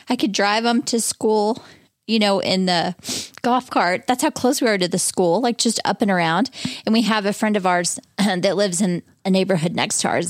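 A woman in her thirties co-hosting a candid chat podcast, talking in an earnest, rambling way with halting restarts. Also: a little high, no echo, clean studio sound. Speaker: podcast co-host.

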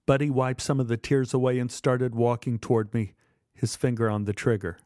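A man telling a first-person memoir story in a measured, dramatic way. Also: mid-range voice, fairly even intonation, darkish tone, no echo, clean studio sound. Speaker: narrator.

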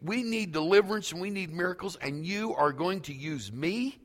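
Man preaching slow and emphatic, bit high voice, big echoey church. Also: lively intonation, fairly bright tone. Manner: slow, emphatic preaching, reading scripture aloud. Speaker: pastor. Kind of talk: sermon.

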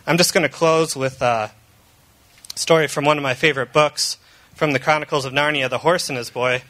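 A man's voice: fairly high pitch, steady tone, fairly quick, bright, forceful tone. A man in his thirties, a pastor giving an earnest, conversational sermon. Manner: earnest and conversational, with frequent fillers and restarts.

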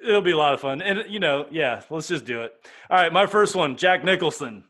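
A man's voice: fairly high pitch, lively intonation, brisk, fairly bright tone. A man hosting a podcast in easygoing casual chat, laughing often. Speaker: podcast host.

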